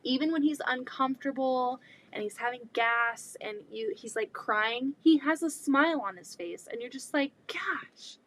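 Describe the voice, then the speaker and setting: A woman in her thirties chatting casually while sewing, rambling about her kids and often quoting people in an excited voice. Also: sits high, moderate pace. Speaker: quilting vlogger and mother. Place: home sewing room.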